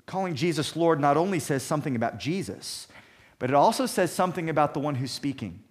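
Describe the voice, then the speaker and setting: A man delivers a sermon in an emphatic, measured way, stacking repeated phrases to drive each point home. His voice sits a little higher than most men's. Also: lively intonation. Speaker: pastor.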